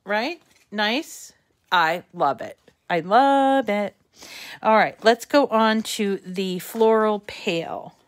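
A middle-aged woman with a slight lisp, hosting a casual craft tutorial in a chatty, self-deprecating way that thinks out loud. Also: mid-range voice, expressive, slow. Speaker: crafting channel host.

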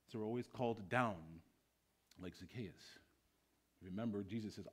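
A man preaching a sermon as pastor in a church, swinging between loud bursts and hushed lines. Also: lowish voice, normal speed, pauses often, breathy edge.

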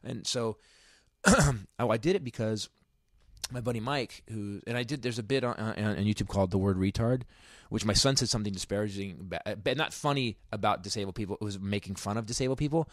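Fast-talking man telling a long story. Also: on the low side, dry recording, studio quality. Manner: rambling, self-interrupting, many restarts. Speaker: guest comedian. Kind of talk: casual podcast storytelling. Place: podcast studio.

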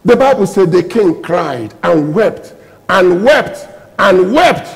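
A man preaching a sermon as pastor, calling out questions to the congregation and bursting into loud emphatic lines. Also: fairly high pitch, creaky, in a large hall, rough recording.

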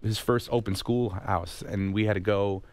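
A man, a comedian guest on a radio show, speaking haltingly and earnestly, repeating words. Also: fairly low pitch, fairly even intonation. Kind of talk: radio interview.

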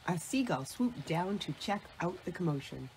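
A woman reading a children's bedtime story aloud in a calm, gentle storytelling manner. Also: lowish voice, moderate pace, slight background noise, rough recording. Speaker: storybook reader.

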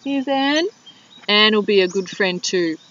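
A woman teacher reading a picture book aloud to young children in an animated, drawn-out way. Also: mid-range voice, far from the mic. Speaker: primary school teacher. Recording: dull lo-fi video sound.

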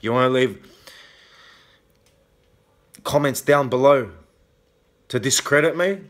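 An Australian man vents to camera in a video blog, furious and full of swearing. His voice sits at an ordinary mid pitch. He punctuates his threats with a sharp "okay?". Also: slow pace, pauses often. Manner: heavy swearing, repeated "okay?" tags. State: angry. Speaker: vlogger. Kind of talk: angry confrontational rant to camera.

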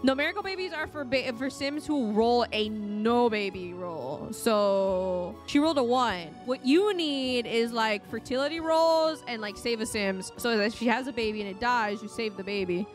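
A young woman streaming a life-sim game live, talking to her chat in an animated way and laughing often. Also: on the high side, moderate pace, hardly any pauses, soft background music. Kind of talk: casual live-stream commentary. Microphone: desk microphone.

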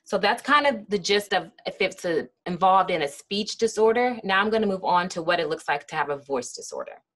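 A woman with a slightly low voice delivers an educational lecture. She explains things patiently and often pauses on "um" and "kinda". Now and then she acts out short example phrases. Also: expressive, a bit bright. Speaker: speech therapist giving a lecture.

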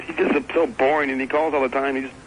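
A man's voice: mid-range voice, steady tone, fast talker, slight background noise, low-quality recording. A man calling in to a radio show, listing his picks in a plain, matter-of-fact way. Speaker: caller. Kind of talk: phone-in chat.

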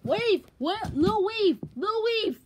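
A woman voicing characters in her own amateur animation, yelling insults and yelping in a hammy way. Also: very high-pitched, lively intonation, takes it slowly, slight background noise. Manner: shrieking insults and yelps, hammy.

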